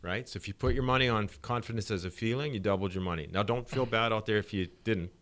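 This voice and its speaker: Man, middle-aged, lowish voice, podcast guest, sport psychologist, animated storyteller. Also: fast. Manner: animated storyteller acting out dialogue. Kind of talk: podcast interview.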